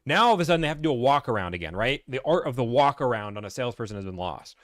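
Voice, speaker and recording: A man's voice: mid-range voice, sing-song, very fast, fairly bright tone, no echo. Guy ranting on a q&a stream, blunt, does little salesman voices, dry close sound. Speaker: host answering viewer questions. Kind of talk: casual livestream Q&A.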